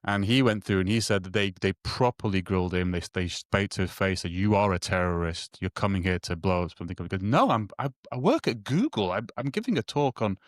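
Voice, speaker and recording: Man, lowish voice, casual storyteller, lots of false starts, dry close mic. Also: expressive, no echo. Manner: halting, many restarts and repeated words, acts out quoted dialogue. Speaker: guest telling a personal story.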